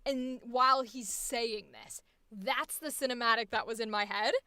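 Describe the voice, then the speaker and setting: A woman's voice: fairly high pitch, steady tone, measured pace, pushed and bright, smooth, dry recording. A woman voice acting instructor giving effusive, chatty commentary on a livestream showcase. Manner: effusive, gushing, chatty with y'all.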